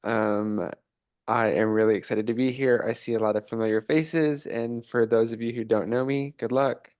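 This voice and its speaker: A man's voice: mid-range voice, fairly even intonation, moderate pace, darkish tone, dry recording, clean studio sound. A man from Texas introducing himself in a cocky, teasing way.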